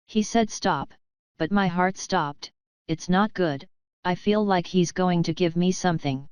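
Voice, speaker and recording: A woman's voice: lowish voice, a little slow, darkish tone, smooth, no room sound. A woman narrating a first-person audio novel, often flustered and breathless in her inner monologue.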